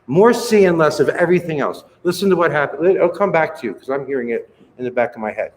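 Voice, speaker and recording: A man's voice: medium pitch, lively intonation, fairly quick. A man conducting a choir rehearsal, counting beats aloud, encouraging the singers and singing bits to show them. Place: rehearsal hall. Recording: roomy rehearsal hall with music.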